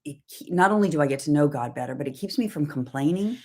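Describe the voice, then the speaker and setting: A woman's voice: deep voice, expressive, fast talker, warm tone, slightly rough. A middle-aged woman from Southern California co-hosting a livestreamed devotional talk, telling personal stories in a reflective way. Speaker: co-host.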